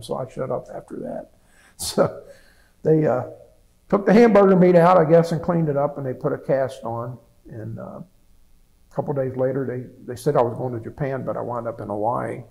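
A creaky, darkish voice at medium pitch belongs to this older US veteran, who speaks a little fast. In his oral history interview he recalls the war in a rambling, plainspoken manner full of restarts, captured on low-quality audio.

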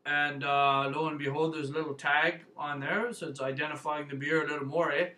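A man's voice: on the high side, flat delivery, brisk, pushed and bright. A man reviewing a beer on his channel, talking casually in a rambling, folksy way, full of fillers and "eh".

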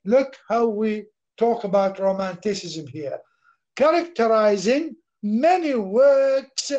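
Slow, high-voiced man lecturing on literature. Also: a little mellow. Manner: repeats words, asks questions and answers them himself; switches into Arabic briefly. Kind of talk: classroom lecture. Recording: dull lo-fi recording.

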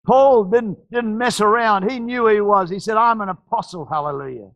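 A man's voice: high voice, normal speed, fairly bright tone, no echo, lo-fi sound. A man with an Australian accent preaching a sermon as pastor, urging his listeners with repeated phrases and frequent restarts. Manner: repetitive, exhorting, stammering restarts.

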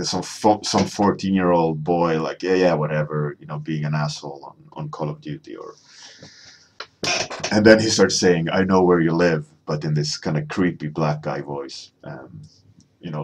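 A man's voice: a bass voice, slight background noise. A man chatting casually while he paints on a live stream, rambling with many fillers and reading viewer chat. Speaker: artist streaming a painting warmup.

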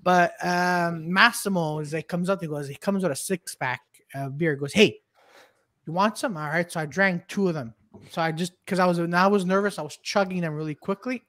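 A man's voice: high-pitched, a little fast, fairly bright tone, no room sound, studio quality. A man hosting a casual podcast, telling a rambling story with lots of restarts and swearing. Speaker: podcast host. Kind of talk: casual chat.

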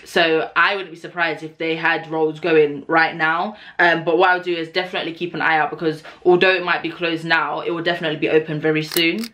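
Woman in her twenties, low-pitched with a bright, forceful tone, animated casual storyteller who swears freely. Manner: animated, swearing, acts out dialogue. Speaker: vlogger, cabin crew member.

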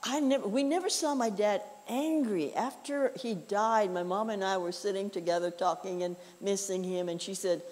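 A woman's voice: medium pitch, normal speed, hardly any pauses, darkish tone, big-room sound. A woman preaching a conversational sermon, telling personal stories in a folksy way with frequent "you know" asides. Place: church.

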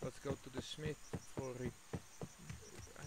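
A man's voice: mid-range voice, little pitch movement, slow. A man with a Dutch accent commenting on his gameplay, thinking aloud in a hesitant, self-correcting way. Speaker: gamer. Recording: loud background noise.

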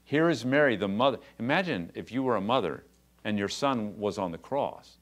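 Preaching at a moderate pace, a pastor with a lowish voice and lively intonation moves from conversational talk to passionate, rising emphasis. Along the way he slips in asides that drop quiet.

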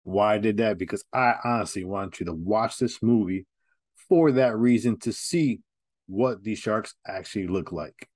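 A man hosts a laid-back horror film review, chatting candidly straight to his audience. His voice sits a touch low, and the recording is dry and close. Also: moderate pace, darkish tone, no echo. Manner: chatty, candid, direct to viewers. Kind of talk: casual review talk.

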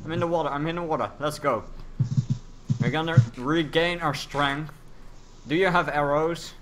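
A playful, jokey man talks through a game in English, getting excitable whenever things heat up. His voice sits a little high for a man. Clear background noise runs under the recording. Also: moderate pace. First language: Dutch. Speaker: gamer. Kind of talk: casual gameplay chat.

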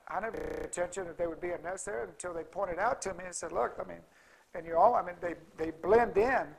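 A middle-aged man spins a folksy, rambling story at a conference, stumbling through restarts and fillers. His voice sits high for a man and has a gravelly edge. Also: rough recording. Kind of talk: casual storytelling talk.

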